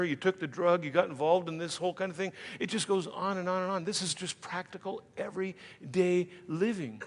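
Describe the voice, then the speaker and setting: A man preaching a sermon as pastor, conversational, slipping into quick voices of imagined listeners. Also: a little high. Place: church sanctuary. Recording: church hall with long reverb.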